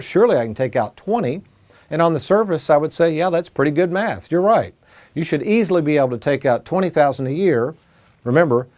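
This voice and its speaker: A man's voice: on the high side, a little mellow. A man hosting a finance show, explaining retirement math at a whiteboard in a folksy way, calling his audience folks and asking rhetorical questions. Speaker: financial advisor and show host.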